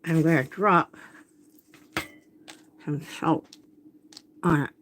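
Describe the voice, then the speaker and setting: Her voice is deep and steady with a slightly bright tone, and she speaks very slowly; a faint hiss or hum sits underneath. She's a woman hosting a live watercolor demo from her home workspace, chatting as she paints and often stopping to apologize or mention her setup. A phone camera picks her up.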